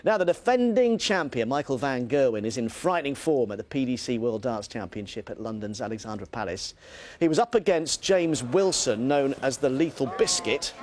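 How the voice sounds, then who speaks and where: A man, mid-pitched, reads the sports round-up on a breakfast TV show. He is brisk and bright, and he slips in light banter between items. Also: expressive. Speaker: sports news presenter.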